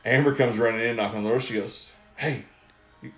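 A man's voice: mid-range voice, fairly even intonation, brisk, a bit bright, faint music behind. A man telling rambling, profane stories with lots of laughter on a casual podcast. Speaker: guest storyteller. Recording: roomy echo.

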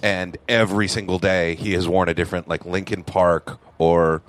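A man in casual conversation who talks in halting bursts, repeating his words. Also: deep voice, flat delivery, a little hiss or hum. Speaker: guest producer. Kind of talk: casual chat.

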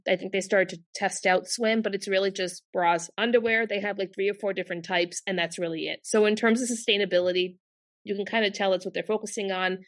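A woman's voice: mid-range voice, fairly bright tone. A young woman co-hosting a casual chat, talking in a loose, rambling way with fillers. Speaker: co-host.

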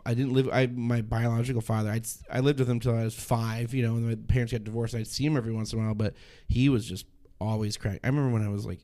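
A man's voice: mid-range voice, fairly even intonation, quick pace, hardly any pauses, mellow. Rambling male stand-up comedian chatting. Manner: rambling, self-interrupting, swears casually. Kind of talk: casual podcast conversation.

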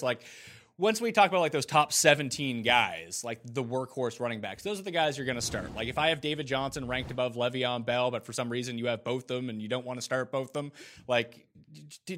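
A man's voice: mid-range voice, fairly bright tone. A man co-hosting a casual sports podcast, talking loosely and leaning on "like" a lot. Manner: loose and chatty, full of "like". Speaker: podcast co-host.

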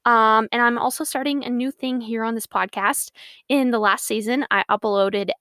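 Young woman, podcast host, slightly high voice, bubbly and rambling, dry close recording. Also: steady tone, normal speed, bright, forceful tone, smooth, no room sound. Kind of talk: casual Christian podcast monologue.

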